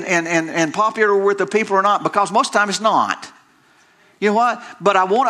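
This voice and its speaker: A middle-aged male pastor delivers a sermon in a high, bright, forceful voice. He's emphatic and folksy, repeating phrases and slipping into conversational asides.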